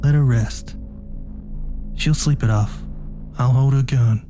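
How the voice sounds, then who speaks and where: A man voicing a worried woman survivor speaking in a hushed, calming way. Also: medium pitch, takes it slowly, music in the background, close to an everyday voice.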